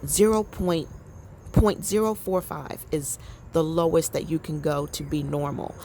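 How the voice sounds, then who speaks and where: Low gravelly-voiced woman in her fifties. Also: steady tone, a little slow, mellow, slight background noise. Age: 50s. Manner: candid, rambling, confiding. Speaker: vlogger. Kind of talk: casual personal chat to viewers. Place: outdoor deck.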